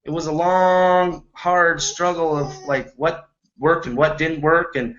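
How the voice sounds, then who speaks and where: A man's voice: a little high, fairly even intonation, slow pace, fairly bright tone, muffled recording. A man coaching home business owners in a rambling, earnest motivational talk, often checking in with his listeners.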